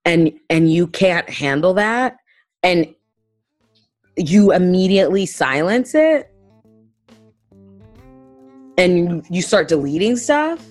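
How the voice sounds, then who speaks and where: A woman comedian with a low, deep voice speaks emphatically and bluntly in a casual chat. She sounds close to the mic, and the recording is dry with no room sound. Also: expressive, slow pace, pauses often, darkish tone, dry recording, soft background music, low-quality recording. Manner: emphatic, profane, preachy. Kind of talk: casual podcast conversation.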